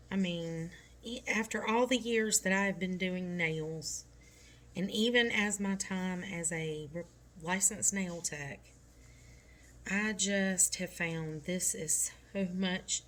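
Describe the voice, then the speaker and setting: A woman's voice: mid-range voice, a bit bright, a little hiss or hum. A middle-aged woman talking through a nail tutorial step by step, chatty and reassuring.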